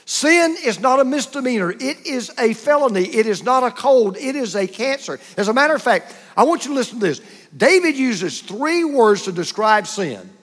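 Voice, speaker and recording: Emphatic high-voiced male preacher. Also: very animated, normal speed, fairly bright tone, long reverb tail. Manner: emphatic, repeats points, uses a punchy joke and short contrasts. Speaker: pastor. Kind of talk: sermon.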